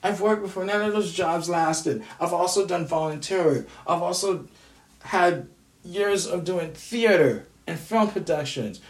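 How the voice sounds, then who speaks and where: A vlogger with a high voice and measured pace delivers an angry, profanity-laden rant to the camera, saying the same things over and over. He's positioned away from the mic, and the room echoes noticeably.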